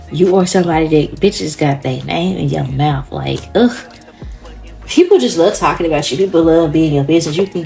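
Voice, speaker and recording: A woman's voice: deep voice, a little mellow. A woman giving a casual pick-a-card tarot reading, talking in a chatty, rambling way with a lot of swearing and laughter. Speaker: tarot reader.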